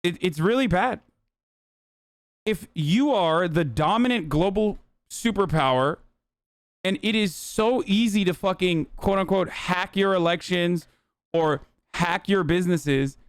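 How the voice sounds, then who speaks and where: A man's voice: high voice, measured pace, no room sound, clean studio sound. A man hosting a livestream, giving blunt, profane, rambling political commentary full of fillers. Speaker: livestream host.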